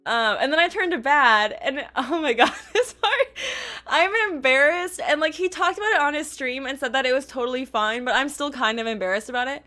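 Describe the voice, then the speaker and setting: A young woman chats through a gushing story on her stream, her voice high and bright, edging toward sharp. She talks in a quick, casual flow full of fillers and quoted lines. Faint music plays under her voice. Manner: gushing, chatty, lots of "like" and quoted dialogue.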